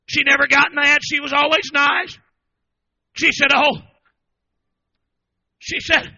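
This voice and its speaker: A man preaching a shouted revival sermon, chopping his phrases with rhythmic "uh" sounds. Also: very high-pitched, level tone, slow, creaky, long pauses. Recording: dull lo-fi recording.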